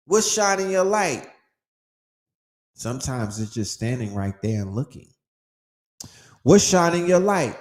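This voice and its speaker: A man's voice: mid-range voice, a little mellow, echoey room. A man hosting a podcast, giving a casual motivational monologue in an emphatic, preachy way, with heavy slang and profanity and phrases repeated for effect. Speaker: podcast host.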